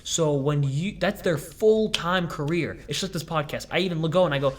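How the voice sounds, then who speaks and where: Young male podcast host, casual chat, rambling storyteller with a fairly high voice. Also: fairly quick.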